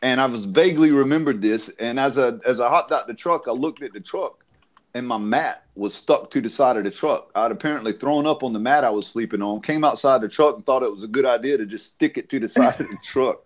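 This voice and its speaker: A man's voice: medium pitch, fairly quick. A man telling a crude, laugh-filled story on a casual panel show, swearing freely. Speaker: podcast panelist.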